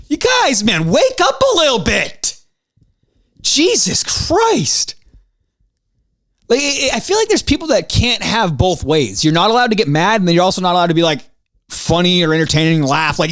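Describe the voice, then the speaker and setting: Podcast guy ranting solo, swears a lot, voice all over the place, dry close mic. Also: no room sound. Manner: animated, ranting and profane, voice jumping high when worked up. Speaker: podcast host. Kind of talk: casual solo podcast monologue.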